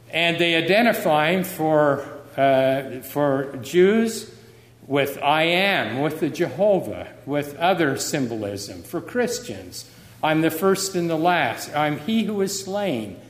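A man with a slightly higher voice speaks slowly and deliberately, explaining scripture. His words ring out with a long, roomy reverb, like a large hall. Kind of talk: explanatory commentary. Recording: echoey room with long reverb.

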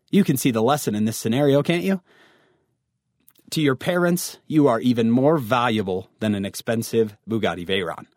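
A man's voice: medium pitch, moderate pace, a little mellow, dry recording, clean studio sound. A man giving a devotional talk to teens, telling a story and speaking straight to his listeners. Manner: storytelling, addresses listeners directly. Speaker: youth speaker.

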